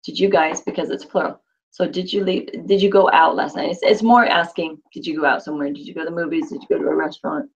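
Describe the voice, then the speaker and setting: A woman teaching a language class, her voice low with a gravelly edge. She reads phrases aloud slowly, then explains them patiently. The recording is dull and lo-fi. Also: steady tone. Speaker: Spanish teacher. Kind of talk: classroom instruction.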